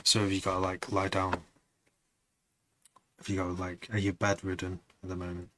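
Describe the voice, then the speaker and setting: Man, low voice, bright tone, casual rambling stream chat, talks to viewers. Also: completely flat delivery, normal speed, slight background noise. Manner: rambling, chatting to viewers while working. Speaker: music producer streaming a session.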